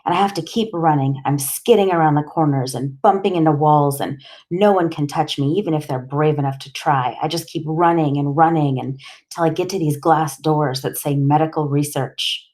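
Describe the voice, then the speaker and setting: Brief: woman audiobook narrator, low voice, plain steady delivery. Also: moderate pace. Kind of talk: first-person audiobook narration.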